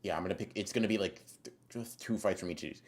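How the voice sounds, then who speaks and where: A man with a deep, low voice chats on a live stream. He reads chat messages aloud and answers them in a relaxed, slangy way. He rambles, restarts his sentences and swears casually. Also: very fast. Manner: laid-back, slangy, rambling with fillers and restarts.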